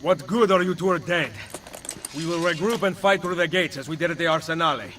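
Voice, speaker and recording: An actor playing a calm, cunning assassin in a game, speaking in a measured, dry, confident way. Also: male voice, on the high side, long reverb tail, a little hiss or hum, natural voice. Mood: scheming.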